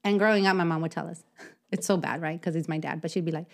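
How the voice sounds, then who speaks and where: A woman's voice: fairly low pitch, steady tone, fast talker. Woman, 30s, podcast host, casual chat, storytelling, laughs often. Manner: chatty storyteller who laughs a lot.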